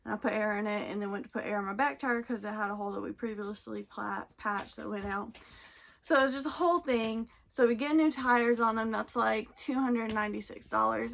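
A woman's voice: medium pitch, gravelly, fairly bright tone. A tired young woman, chatting casually and rambling in a home vlog from her camper. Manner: chatty, rambling, says "y'all" and "freaking". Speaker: vlogger.

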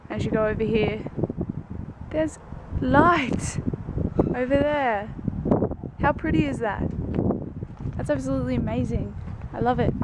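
A young woman chatting casually to camera in a daily vlog, upbeat and talkative, sometimes trailing off softly. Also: fairly high pitch, a little slow, long pauses. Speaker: vlogger. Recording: background noise.

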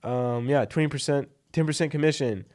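A man's voice: medium pitch, fairly even intonation, fairly quick, a little mellow. A man giving blunt, emphatic copywriting advice in a casual vlog, tossing in "like" and "right?" as he goes. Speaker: freelance copywriting coach.

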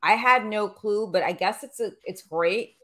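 A woman's voice: mid-range voice, normal speed, pushed and bright. A woman guest in casual podcast chat, blunt and profane, talking with lots of fillers over a video call.

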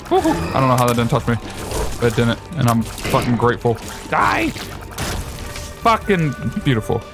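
A man giving profane, excitable commentary as he plays a video game, shouting at enemies. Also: medium pitch, fast. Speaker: gaming streamer. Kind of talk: let's play commentary. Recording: game music behind.

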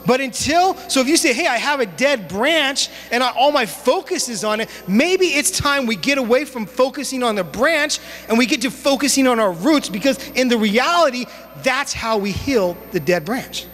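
A young man preaching a sermon as youth pastor, telling stories in a casual, animated way with relaxed slang. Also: extremely high pitch, moderate pace. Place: church sanctuary. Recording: long church hall reverb, faint hum.

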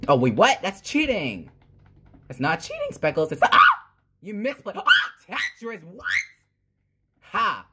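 A woman hosting gameplay commentary, excitable, with sudden squeals and exclamations. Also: mid-range voice, measured pace, husky. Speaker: gamer, channel host.

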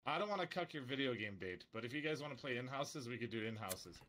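A man joking around on a voice call, talking fast. His voice is sharp and very bright, and he swears casually. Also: mid-range voice, animated.

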